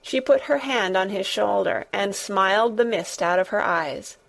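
A woman narrating a storybook at an unhurried, slow pace. Her pitch sits in a middle register, and she reads in a measured, gentle way. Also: vocal fry. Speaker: audiobook narrator. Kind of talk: scripted narration.

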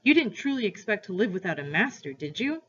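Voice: mid-range voice, big pitch swings, brisk, fairly bright tone, husky. A reader voicing a domineering, leering male juggler who boasts and barks demands, in a story read aloud for a class, on a dull lo-fi recording. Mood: soft, sly. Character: boisterous wandering male juggler, big-bellied, domineering.

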